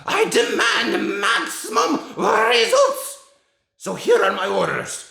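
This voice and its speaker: A man's voice: very high-pitched, wildly swooping pitch, takes it slowly, vocal fry, bright, forceful tone, reverberant, pitched above the performer's own voice, full character voice. A man voicing a tyrannical female witch with a screechy, put-on Slavic accent and rolled R's. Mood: furious shrieking. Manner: shrieking, commanding, theatrical.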